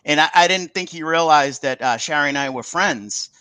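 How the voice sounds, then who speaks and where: A man's voice: on the high side, normal speed, clear, resonant tone, no room sound. A man, a podcast guest, telling a story in a casual interview and acting out the dialogue with lots of restarts. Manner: animated, acts out quoted dialogue with many restarts.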